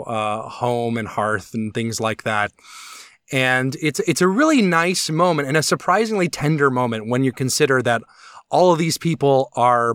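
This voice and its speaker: A man's voice: medium pitch, a bit bright, smooth, no room sound, clean studio sound. A man co-hosting a podcast, talking in a casual, enthusiastic, rambling way with many restarts and fillers. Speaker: podcast co-host. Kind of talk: casual chat.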